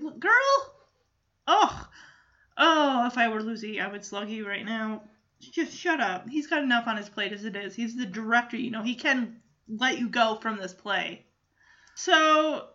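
A chatty, opinionated woman with a high voice casually retelling a cartoon special. She talks with lots of fillers and asides. The recording is dull and lo-fi. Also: animated, normal speed, sharp tone. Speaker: commentator.

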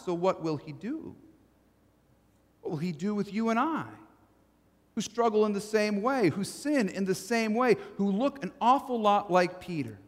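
Pastor guy preaching, kinda high voice, big church echo, goes loud then real quiet. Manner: dramatic, swings from loud to hushed. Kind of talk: sermon. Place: church sanctuary. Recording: long church reverb.

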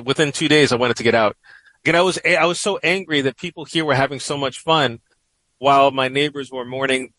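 In a low-quality, echo-free recording, a middle-aged man with a New York accent tells a personal story as an interview guest. A professor and writer, he speaks reflectively in a medium-pitched, fairly bright voice, with frequent "you know" fillers.

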